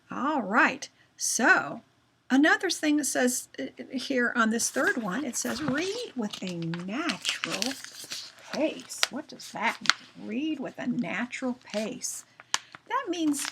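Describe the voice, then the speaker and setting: A woman's voice: high-pitched, noisy background. A woman teacher explaining reading fluency to children in simple words, often checking in with them. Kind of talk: classroom reading lesson for children.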